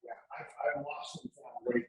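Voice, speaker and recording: A man's voice: unhurried, low-quality recording. A man hosting a casual cooking chat, joking and repeating himself as he asks questions. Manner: jokey, repeats himself while asking questions. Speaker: host.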